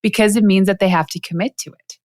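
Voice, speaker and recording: A woman hosting a podcast interview, telling lively personal stories and laughing often. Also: mid-range voice, fast talker, no room sound, studio quality. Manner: animated storyteller, laughs often. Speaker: podcast host. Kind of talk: casual interview chat.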